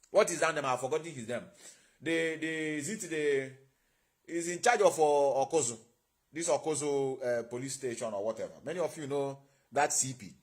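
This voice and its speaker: Husky, preachy Nigerian man. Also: fairly high pitch. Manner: preachy, rhetorical, addresses viewers directly. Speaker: online show host. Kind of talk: impassioned livestream talk.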